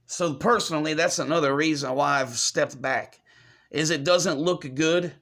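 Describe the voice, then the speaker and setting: A man giving a confessional vlog update to his viewers, choked up and fighting back tears, halting and apologetic as he repeats himself. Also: fairly high pitch, a bit bright. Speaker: vlogger.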